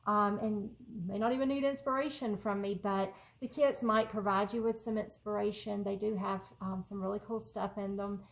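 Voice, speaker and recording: A woman's voice: mid-range voice, fairly even intonation, normal speed, vocal fry, hardly any pauses, rough recording. A woman chatting casually in a home craft room vlog, rambling and giggling between fillers. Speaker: journaling vlogger.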